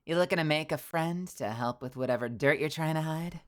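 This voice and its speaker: Woman voicing a sly ghoul, streetwise, smooth-talking, coaxing, low voice. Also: brisk, natural voice. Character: sly streetwise ghoul offering shady friendship.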